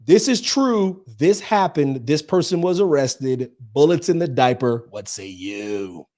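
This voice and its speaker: A man co-hosting a comedy podcast, his pitch jumping all over as he teases his partner. His voice sits a bit high, and he breaks into laughter often. The talk is loose and playful. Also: measured pace. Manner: animated, teasing, laughs a lot. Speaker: podcast co-host. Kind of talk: casual comedic chat.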